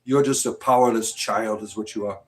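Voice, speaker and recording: A man's voice: on the low side, steady tone, moderate pace. A man hosting a livestream in casual, provocative talk, mocking and taunting his viewers. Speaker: livestream host.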